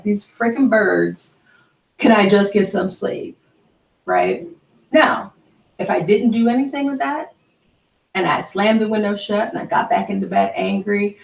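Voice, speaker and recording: Warm-hearted woman coach giving a live pep talk, gravelly voice, roomy mic sound. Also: medium pitch, far from the mic. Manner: emphatic, keeps asking "right?". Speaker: host.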